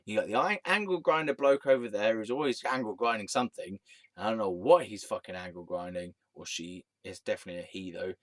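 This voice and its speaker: Low-voiced, sweary man rambling. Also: fairly quick, a bit bright, dry recording. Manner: sweary, rambling, laughs often. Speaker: storytelling vlogger. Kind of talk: rambling personal monologue.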